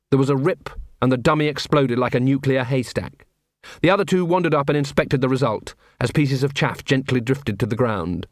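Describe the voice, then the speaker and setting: A man reading a comic novel aloud in a wry, measured storytelling style. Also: mid-range voice, no echo, studio quality. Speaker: audiobook narrator. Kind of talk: storytelling narration.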